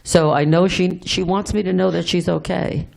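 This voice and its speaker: A middle-aged woman giving a heartfelt memorial speech for a friend, halting and tender, with many pauses and restarts. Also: lowish voice, steady tone, gravelly, a little mellow.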